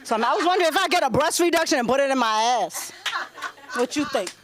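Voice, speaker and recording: A woman's voice: sits high, fast, very noisy. A woman in her thirties with a New York accent, doing brash, profane stand-up comedy at an open mic. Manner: brash, profane, loud and animated.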